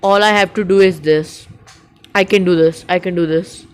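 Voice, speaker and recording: Excitable young Indian gamer talking to himself. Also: male voice, high voice, normal speed, clean tone. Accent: Indian English. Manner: excitable, panicky, talks to himself nonstop. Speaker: mobile gaming YouTuber. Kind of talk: live gameplay commentary.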